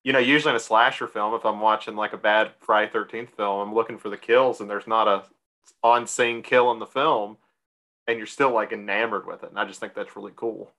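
A man co-hosting a film podcast, talking in a relaxed way that hedges and corrects itself. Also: fairly low pitch, a little fast. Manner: relaxed, hedging, self-correcting. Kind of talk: casual chat.

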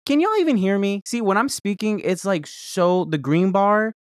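A man with a Southern accent hosting a solo podcast, rambling and swearing, jumping between loud outbursts and muttered asides. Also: high-pitched, lively intonation, moderate pace, no echo, studio quality. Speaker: podcast host. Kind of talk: casual solo podcast rant. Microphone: desk microphone held close.

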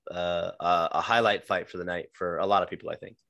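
A man's voice: low voice, fairly even intonation, fast talker, gravelly, bright, forceful tone, dry recording. A man co-hosting a podcast, chatting casually about fights in a rambling, joking way and stumbling over names. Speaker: podcast co-host.

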